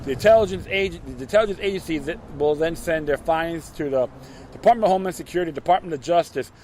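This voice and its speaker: A man's voice: on the high side, quick pace, darkish tone, slight background noise. A man reading political news aloud and breaking off into sarcastic, mocking commentary, often tripping over his words.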